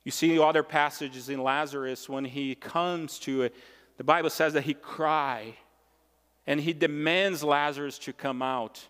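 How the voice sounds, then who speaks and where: A man's voice: on the high side, steady tone, unhurried, a bit bright, smooth. A male pastor delivering a sermon with emphatic, repeated phrases. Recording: long reverb of a large hall.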